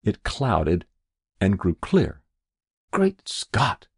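Man, audiobook narration, very deep voice, husky, lively pitch, dry close sound. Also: no echo. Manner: expressive, measured storytelling. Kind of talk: scripted story narration.

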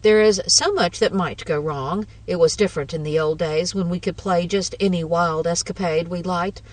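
A woman narrating a first-person ghost story in a measured, wry way. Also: fairly low pitch, darkish tone, no room sound, far from the mic, low-quality recording.

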